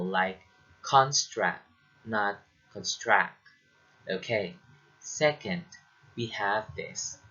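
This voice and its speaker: A man teaching as a lecturer in a deliberate way, often checking in with the listener. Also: on the low side, a bit bright, husky, highs cut off. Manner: slow and deliberate, checking in with "okay?". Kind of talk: recorded lecture.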